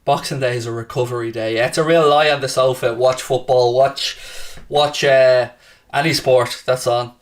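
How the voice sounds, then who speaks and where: A man hosting a football watchalong stream, reading viewer comments aloud and taunting rival fans with brash, profane banter that flares into shouting. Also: medium pitch, brisk, few pauses, recorded from a distance. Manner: excitable, shouting at times. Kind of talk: casual live-stream chat, reading and answering viewer comments.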